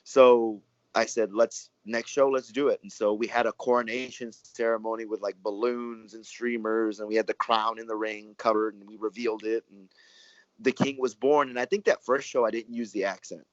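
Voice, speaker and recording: A man, a wrestler telling stories in a relaxed interview, rambling and acting out what others said. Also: fairly low pitch, normal speed, no echo. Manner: rambling, animated, acts out quoted dialogue. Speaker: professional wrestler and guest. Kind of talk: casual storytelling interview. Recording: dry, muffled lo-fi audio.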